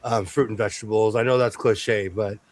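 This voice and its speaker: A man's voice: fairly low pitch, steady tone, a little fast, no echo. A man chatting casually as a guest, jokey and self-mocking, often laughing.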